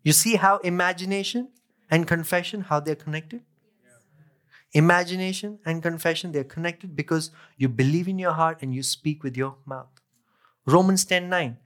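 A man's voice: on the high side, normal speed, a bit bright. A male pastor preaching a sermon, reading scripture aloud, repeating key phrases and asking his listeners questions. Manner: asks the congregation questions.

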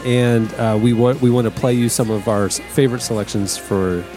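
A man's voice: mid-range voice, steady tone, fairly quick, over music. A man hosting a casual podcast. He talks loosely, stumbles, restarts and laughs between segments. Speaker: podcast host.

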